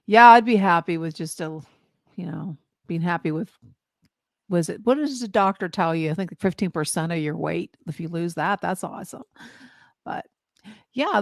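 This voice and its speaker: A woman's voice: medium pitch, no echo, studio quality. A woman hosting an interview in a casual, easygoing chat with her guest. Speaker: interviewer, host.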